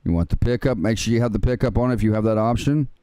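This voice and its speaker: A fast-talking male streamer with a lowish, smooth, mellow voice runs a live farming-game tutorial, recorded without echo. He keeps it loose and conversational, referring to viewers as "dude" and "man" as he explains the controls.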